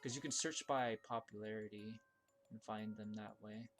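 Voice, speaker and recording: Faint music plays behind a man talking at normal speed as he plays viewer-made levels on a live stream. He thinks aloud casually, with restarts and fillers, and lets out excited yelps at surprises.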